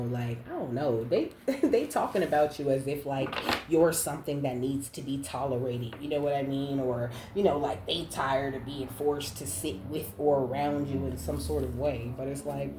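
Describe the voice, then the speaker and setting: A woman's voice: a bass voice, moderate pace, background noise. A woman giving a casual spiritual card reading, blunt and profane, often laughing and ending lines with "okay?". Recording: roomy echo.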